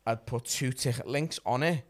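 A man co-hosting a casual podcast, spinning anecdotes in a dry, deadpan way. His voice sits at an ordinary middle pitch for a man. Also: normal speed, slight background noise. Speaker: podcast co-host. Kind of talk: casual chat.

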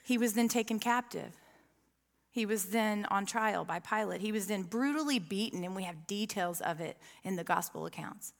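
A woman's voice: mid-range voice, normal speed, creaky, long reverb tail. Earnest woman preaching conversationally. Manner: conversational, earnest, asks the room questions. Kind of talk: sermon. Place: church room with an audience.

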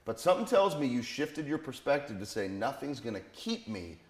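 A man's voice: medium pitch, big pitch swings, fairly quick. A male podcast host who builds up emphatically to his interview questions. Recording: roomy echo.

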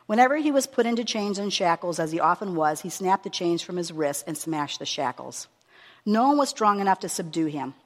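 A woman preacher giving a sermon with a long scripture reading, earnest and measured, stressing her words as she reads aloud. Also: on the low side. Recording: long reverb of a hall.

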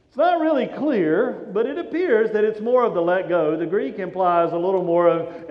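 A male pastor preaching a sermon, telling the story with dramatic swings from loud urgency to hushed softness. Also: sits high, normal speed, few pauses. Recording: echoey hall, dull lo-fi sound.

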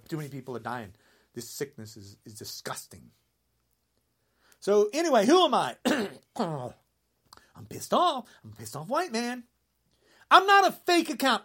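A man in his sixties delivering an angry rant to camera, indignant and sarcastic, swinging between shouted jabs and low muttering. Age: 60s. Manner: mocking sarcasm. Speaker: vlogger.

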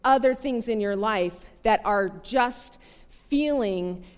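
A woman giving a sermon, telling a personal story in an earnest, conversational and animated way. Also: on the high side, takes it slowly, clean tone. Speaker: preacher. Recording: long hall reverb.

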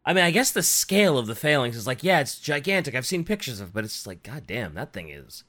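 A man's voice: mid-range voice, big pitch swings, quick pace, a bit bright. A man co-hosting a casual podcast, joking and reacting loosely, with some swearing. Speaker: podcast co-host.

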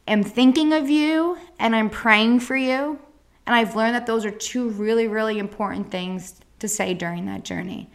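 A young woman hosting a podcast, telling a personal story in a blunt, casual way with a lot of swearing. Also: a little high. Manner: blunt, frequent swearing, animated retelling. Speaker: podcast host.

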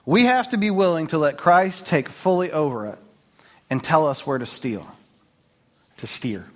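This man's voice runs on the high side at a normal speed as he preaches in a conversational way. Telling stories as pastor, he jokes, laughs, and leans on plenty of filler words with animated energy.

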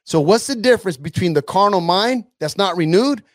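A man's voice: high voice, expressive, brisk, no echo. A man hosting a podcast, preaching in an emphatic, repetitive, conversational way. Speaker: podcast host.

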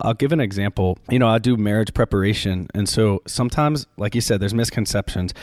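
A male priest from Louisiana talking in a casual interview, telling stories in an animated way and jumping his pitch up for quoted voices. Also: no room sound, studio quality. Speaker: Catholic priest, podcaster.

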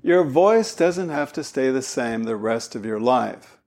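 A man giving a spoken lesson as a voice coach, animated and demonstrative. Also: medium pitch, a little slow. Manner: animated, demonstrating vocal styles.

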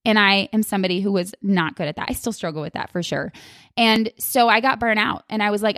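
A woman's voice: mid-range voice, fairly quick, fairly bright tone, no echo, studio quality. A woman hosting a solo podcast, talking candidly and expressively to her listeners and acting out her own past thoughts. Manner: calls listeners "you guys", curses casually. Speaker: podcast host. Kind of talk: casual solo podcast talk.

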